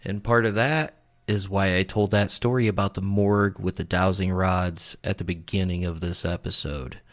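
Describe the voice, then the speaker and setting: A young man hosting a podcast, casually narrating and explaining audio clips, blunt and quick to swear. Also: deep voice, fairly even intonation, faint music behind.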